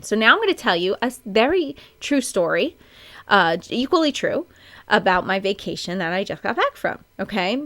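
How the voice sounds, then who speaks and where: A woman's voice: mid-range voice, very animated, moderate pace, sharp tone. A woman in her thirties hosting a podcast, telling a personal story in a chatty, candid way with plenty of fillers. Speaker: podcast host.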